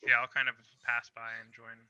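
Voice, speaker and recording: A man's voice: mid-range voice, monotone, a little fast, muffled recording, very noisy. A man playing a tabletop game, describing his character's actions with hesitant restarts. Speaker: player.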